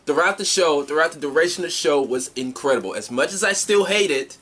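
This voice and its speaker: A man's voice: fairly high pitch, lively intonation, fast, fairly bright tone. A man co-hosting a podcast, chatting bluntly and casually about a wrestling show. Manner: laid-back, blunt, swears casually. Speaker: podcast co-host. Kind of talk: casual wrestling recap chat.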